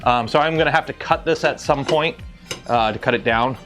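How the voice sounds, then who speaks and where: A man's voice: medium pitch, a little fast, a bit bright, faint music behind. A man streaming live from his workshop, chatting casually and thinking aloud as he builds a 3D printer. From Canada.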